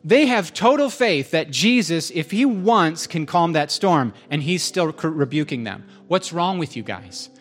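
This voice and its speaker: A man preaching a sermon in a conversational, animated way, joking with the congregation in a church hall. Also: fairly high pitch, measured pace, hardly any pauses. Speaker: pastor.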